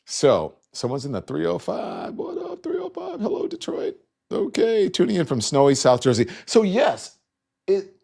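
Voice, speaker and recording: A middle-aged man hosting a live news stream in a loose, conversational way. His voice sits at an ordinary pitch for a man. He often restarts his sentences and speaks in asides to his crew. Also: darkish tone. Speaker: host of a live online news talk show. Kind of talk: live-stream news commentary with viewer shout-outs.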